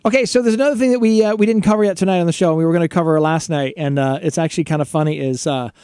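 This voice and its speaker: A man's voice: a little high, racing, a little mellow, clean tone, no echo, studio quality. A man co-hosting a live stream, teasing and chatting casually with many restarts. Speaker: co-host. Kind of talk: casual banter.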